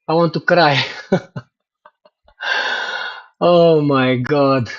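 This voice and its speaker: A man chatting excitedly to his livestream viewers about his cycling race results, exclaiming often. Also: a little high, takes it slowly, pauses often, lo-fi sound. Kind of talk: casual livestream chat.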